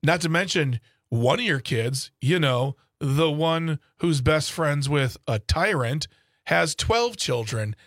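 A man's voice: fairly high pitch, expressive, slow, fairly bright tone, no room sound, clean studio sound. Blunt, joking man radio host. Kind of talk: casual radio chat.

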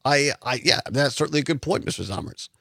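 A man's voice: mid-range voice, expressive, fast talker, vocal fry, a bit bright, dry recording. A male talk radio host speaking into a close studio microphone with a dry, dead sound. He reads out news items, then pushes his own views with pointed, emphatic questions.

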